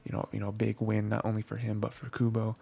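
Gravelly, husky-voiced man rambling about anime. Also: lowish voice, completely flat delivery, fast, dark tone. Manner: rambling, many fillers and restarts, acts out characters' thoughts. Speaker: anime podcast host. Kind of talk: casual weekly anime recap.

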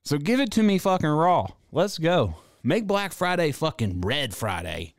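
A man's voice: fairly high pitch, big pitch swings, unhurried, no echo, studio quality. A young man streaming, ranting casually and sarcastically with plenty of swearing. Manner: sarcastic, swears freely, drawling asides. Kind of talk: casual profane rant.

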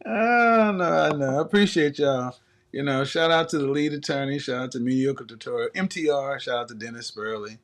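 A man's voice: mid-range voice, normal speed, a bit bright. A man hosting a live stream, ranting in a casual comedic way, profane and laughing often.

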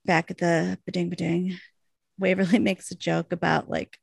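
Woman, podcast co-host, casual chat, enthusiastic, acts out scene quotes, gravelly, dry. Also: lowish voice, normal speed, no room sound. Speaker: podcast co-host recapping a TV episode.

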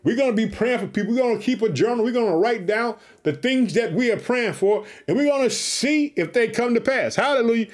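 A man preaching an energetic podcast sermon, fervent and repetitive, calling his listeners family and shouting hallelujah. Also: very high voice, a little fast, hardly any pauses. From Chicago, United States. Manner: repeats catchphrases, calls listeners family.

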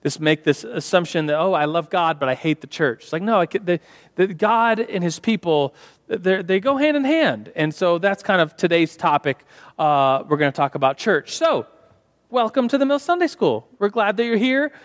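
A man's voice: high-pitched, very animated, normal speed. A young man teaching a church Sunday school class in a casual, chatty way, full of fillers and restarts. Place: church hall. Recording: long hall reverb.

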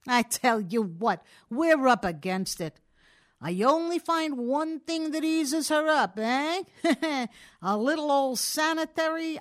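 A woman's voice: high voice, voice pushed up. A woman doing a bluff slangy burglar. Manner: slangy, brusque, loud. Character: gruff male burglar, bluff and hearty.

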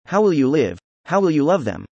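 A man voicing a gentle, earnest young man, in a plain, even reading. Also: fairly high pitch, a little fast, gravelly, slightly rough, no room sound, lo-fi sound, heavily acted. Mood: sorrowful.

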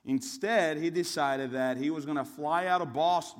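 A fairly high-voiced young man preaches a sermon, telling a story in a chatty, rambling way. His voice rings out with the long reverb of a big hall. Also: normal speed. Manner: conversational and storytelling, with restarts and asides.

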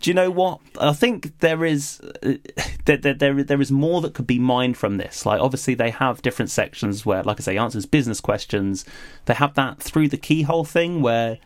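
A man's voice: medium pitch, fairly quick, hardly any pauses, dry recording. A man, co-hosting a podcast, talking thoughtfully and animatedly with some laughter. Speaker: podcast co-host. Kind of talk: casual podcast review chat.

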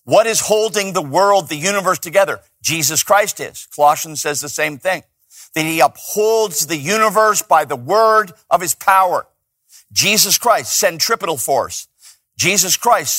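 Male pastor, slightly high voice, dynamic sermon delivery, loud peaks and soft asides. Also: no room sound, clean studio sound. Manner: dynamic preaching, swinging between loud emphatic peaks and hushed asides.

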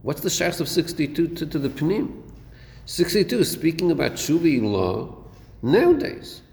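A man's voice: fairly high pitch, expressive, normal speed, vocal fry, darkish tone. A man giving a classroom lecture on a Chassidic text, asking rhetorical questions and mixing Hebrew terms into his English. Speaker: Torah teacher. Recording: echoey hall recording with faint noise.

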